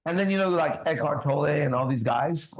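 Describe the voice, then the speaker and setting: Profane, animated preaching man. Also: a little high, brisk, low-quality recording. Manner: blunt, profane, rhetorical questions. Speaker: minister and show host. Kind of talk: preachy casual talk show.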